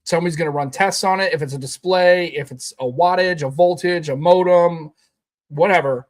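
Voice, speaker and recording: A man's voice: fairly high pitch, fairly quick. A man co-hosting a casual tech podcast, rambling and emphatic, swearing now and then. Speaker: podcast co-host.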